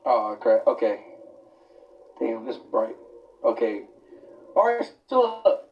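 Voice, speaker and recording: A man's voice: mid-range voice, very animated, takes it slowly. A young man live streaming on a phone, talking casually with lots of slang and getting easily spooked. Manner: loose slangy talk full of "bro", jumpy and easily scared. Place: walk-through haunted attraction. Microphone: phone held while walking. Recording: roomy far-off lo-fi phone sound with music.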